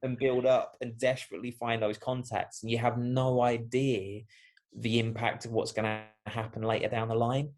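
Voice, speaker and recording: A man's voice: mid-range voice, little pitch movement, moderate pace, a little mellow. A man, a musician guest on a podcast, talking in a reflective, rambling way with many fillers. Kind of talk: casual podcast chat.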